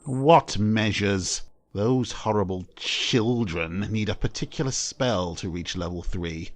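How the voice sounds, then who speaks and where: A man's voice: on the low side, takes it slowly. A man playing a haughty sorcerer overlord. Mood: frustrated. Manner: sardonic, imperious. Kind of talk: fan audio drama.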